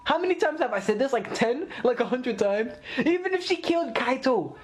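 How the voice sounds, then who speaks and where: A man hosting a live anime reaction video, excitable, laughing often and talking straight to his viewers. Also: very high-pitched, normal speed.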